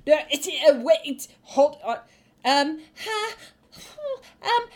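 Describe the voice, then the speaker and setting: Woman putting on a flustered shapeshifter girl. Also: high voice. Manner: hesitant, stammering, halting. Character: flustered young shapeshifter woman, rescued from the sea.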